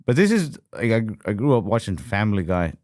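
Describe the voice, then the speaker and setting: A man with a lowish voice chats loosely on a podcast, swearing freely and riffing. He stays animated, and his voice jumps higher whenever he quotes someone. The sound is dry and close to the mic. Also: a little fast, no echo. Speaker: podcast co-host. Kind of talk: casual podcast banter.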